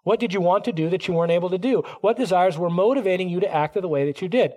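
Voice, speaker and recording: A middle-aged man preaching a sermon, animated, acting out quoted voices as he teaches. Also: high-pitched, fast. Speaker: pastor.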